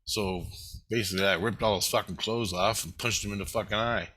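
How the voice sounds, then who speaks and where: A man's voice: lowish voice, steady tone, fairly quick, bright, forceful tone. A man talking straight to the camera in a rambling monologue, agitated and swearing constantly. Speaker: vlogger. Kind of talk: rambling first-person monologue.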